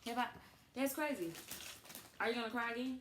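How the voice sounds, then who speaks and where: Animated woman in a roomy echo. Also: fairly high pitch, a little fast. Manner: animated storytelling, laughs often. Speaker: co-host of couple channel. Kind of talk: casual couple chat. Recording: echoey room with faint noise.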